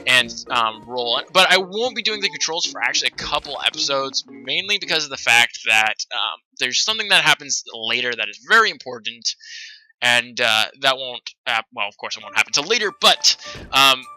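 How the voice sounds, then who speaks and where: A man hosts a let's play, rambling through video game commentary with plenty of ums and asides. His voice is bright and animated, with game music faint behind him. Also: mid-range voice, normal speed, rough recording. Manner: rambling, many fillers.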